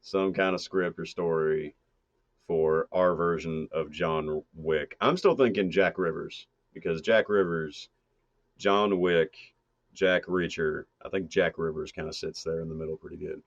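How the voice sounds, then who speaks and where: A man's voice: sits low, fairly even intonation, a little slow, no room sound, dull audio. A man hosting a podcast in loose casual banter, swearing freely. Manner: loose, swearing, slips into silly voices. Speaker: podcast host.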